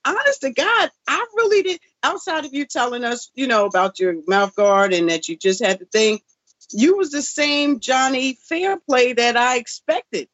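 A woman chatting casually as a guest, blunt and lively, with loose nonstandard grammar. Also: sits high, moderate pace, no room sound. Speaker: guest, former contestant. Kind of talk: casual chat. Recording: dull lo-fi dry sound.

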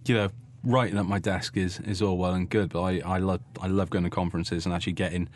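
Deep-voiced halting man. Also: little pitch movement, darkish tone. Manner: halting, repeats words. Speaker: podcast guest, journalist. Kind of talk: casual chat.

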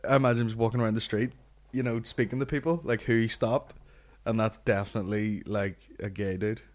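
A man's voice: on the low side, steady tone, brisk. A young man with a Northern Irish accent, hosting a comedy podcast with sweary, rambling, jokey banter. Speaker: podcast host.

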